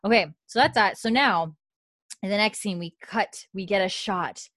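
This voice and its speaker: A chatty woman walking through an episode's scenes, full of fillers and casual swearing. Her voice sits mid-pitch, recorded close and very dry. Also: moderate pace, a bit bright, dry recording. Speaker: podcast co-host.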